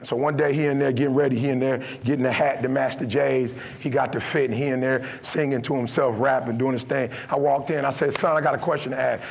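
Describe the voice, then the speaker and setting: A man's voice: mid-range voice, little pitch movement, brisk, gravelly, few pauses, a little hiss or hum. A middle-aged man giving a motivational speech, telling stories with acted-out dialogue and building to impassioned preaching. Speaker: motivational speaker.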